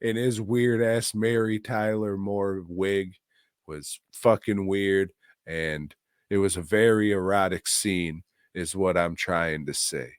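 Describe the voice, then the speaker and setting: A man's voice: sits low, fairly even intonation, slow, clean tone, dry recording, clean studio sound. A man co-hosting a podcast, casually reviewing a movie in a jokey, profane, rambling way. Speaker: podcast co-host.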